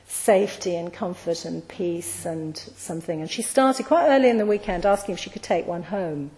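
A woman gives a reflective storytelling talk, with many ums and phrase endings that trail off softly. Her voice sits mid-range, and a long hall reverb rings behind it. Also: mid-range voice. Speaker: speaker at a Buddhist gathering.

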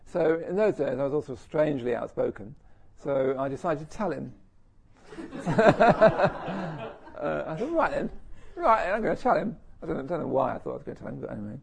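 A man's voice: mid-range voice, lively intonation, normal speed, pauses often, a little mellow. A middle-aged man giving a reflective personal talk to an audience, musing and self-deprecating. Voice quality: gravelly, husky.

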